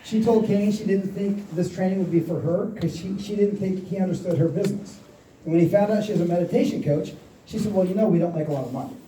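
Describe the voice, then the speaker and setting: Dark-voiced man speaking on a seminar stage. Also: high-pitched, fast, slight background noise. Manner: storytelling, acts out quoted dialogue. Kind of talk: motivational seminar talk. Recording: echoey hall, mic at a distance.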